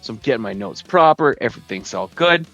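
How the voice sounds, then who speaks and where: A man's voice: medium pitch, animated, fast, fairly bright tone, no echo, lo-fi sound, soft background music. Profane rambling man hosting a podcast. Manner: rambling, profane, acts out friends' texts in voices. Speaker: podcast host. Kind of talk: casual comedic rant. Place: home basement gaming room.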